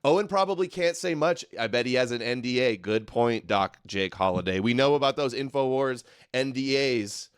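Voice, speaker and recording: A man hosting a show, giving casual live reaction commentary in a sarcastic, mocking way with sudden shouted bursts. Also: mid-range voice, animated, normal speed, few pauses, clean tone, no echo, clean studio sound. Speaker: host.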